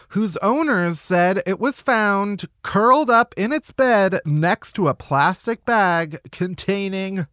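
A man's voice: sits high, fairly bright tone, no echo. A man hosting a comedy podcast in a studio, ranting in a sarcastic, profane way. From Chicago, US. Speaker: podcast host. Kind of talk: casual comedic chat.

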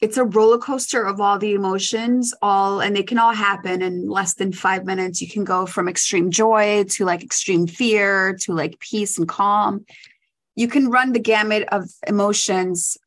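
A young woman co-hosting a podcast, telling stories in chatty, animated casual chat. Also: mid-range voice, moderate pace. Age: young adult. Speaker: podcast co-host.

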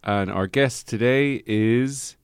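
A man's voice: medium pitch, slow pace, smooth, no echo, studio quality. A man hosting a comedy podcast, playful and teasing with his guest. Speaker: podcast host. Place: studio.

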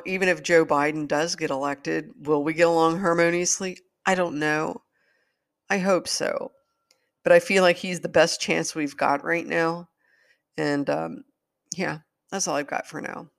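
Emotional, rambling woman with vocal fry. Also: low-pitched, fairly even intonation, moderate pace. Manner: rambling, hesitant, apologetic, emotional. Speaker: podcast host. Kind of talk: solo podcast monologue.

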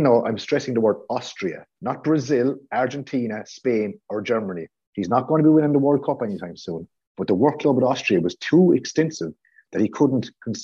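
A man ranting sarcastically on a fan podcast, animated and swearing freely. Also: on the low side, husky. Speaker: podcast co-host. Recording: slightly dull lo-fi audio.

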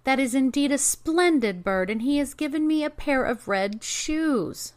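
A woman voicing a little girl in a fairy tale, speaking quickly and eagerly. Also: sits high, animated, voice pushed up. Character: sad little girl turning joyful.

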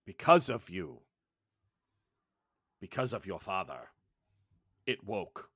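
A man puts on an old, stubborn shaman for a tabletop game, speaking his broken English slowly and gravely. The voice sits low and deep. Each word carries a forceful weight. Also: very animated, dry recording, clean studio sound, heavily acted. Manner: slow, grave and solemn. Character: old stubborn learned male village shaman.

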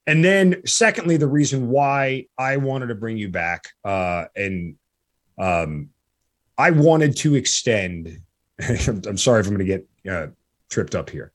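A man hosting a podcast in a halting, earnest way, full of restarts, and audibly emotional. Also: medium pitch, expressive. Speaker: podcast host. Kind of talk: casual interview chat.

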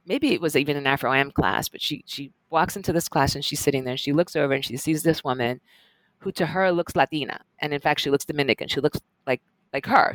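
A middle-aged woman professor telling stories in a lively, animated way as an interview guest. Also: low-pitched, dry recording. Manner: lively, animated storyteller with laughs. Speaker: guest, professor and journal editor. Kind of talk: conversational interview storytelling.

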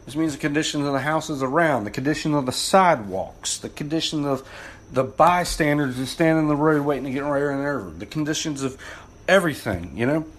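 A man's voice: on the high side, a little fast. A man giving an informal talk as a fire service instructor. He is blunt and rambling, and he swears a lot. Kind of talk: informal spoken lesson.

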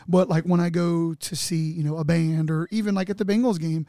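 Chatty middle-aged host with a mellow voice. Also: male voice, fairly high pitch, steady tone, brisk, no echo, studio quality. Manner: rambling, chatty, with many fillers. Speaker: podcast host and DJ. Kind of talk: casual interview chat.

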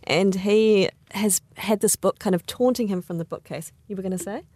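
A woman's voice: mid-range voice, normal speed, darkish tone, no echo. A woman co-hosting a podcast in casual chat, rambling with lots of fillers and frequent laughter. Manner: chatty, rambling with many fillers, laughs often. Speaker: podcast co-host.

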